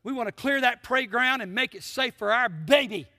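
A man's voice: very high voice, moderate pace, bright, forceful tone, no echo, clean studio sound, in a large hall. A man preaching a sermon, emphatic and full of rhetorical questions to the congregation. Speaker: pastor.

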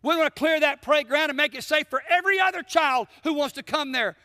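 High, bright-voiced preacher man. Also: fairly quick, no room sound, clean studio sound, long reverb tail. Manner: emphatic preaching, rhetorical questions to the congregation. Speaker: pastor. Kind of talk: sermon.

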